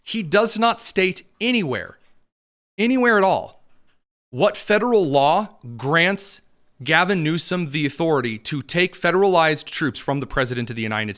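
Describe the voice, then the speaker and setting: Bright, sarcastic male commentator. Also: fairly high pitch. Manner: sarcastic, mocking, animated. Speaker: podcast host. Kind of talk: political commentary.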